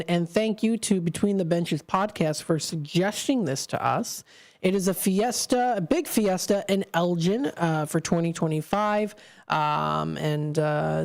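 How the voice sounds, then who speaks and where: A woman's voice: lowish voice, a little slow, creaky, a little mellow. A woman hosting a live local radio show, upbeat and friendly, reading promos and chatting on a studio mic. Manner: upbeat, friendly, stumbles on names. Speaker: radio host. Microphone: studio microphone.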